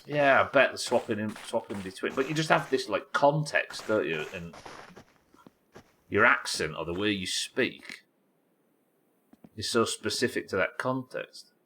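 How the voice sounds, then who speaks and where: A man's voice: fairly low pitch, lively intonation, unhurried, long pauses, bright, forceful tone, slight background noise. A man from England with a Yorkshire accent, chatting casually while streaming a game, rambling, thinking aloud and swearing freely. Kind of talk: casual live-stream chat while gaming.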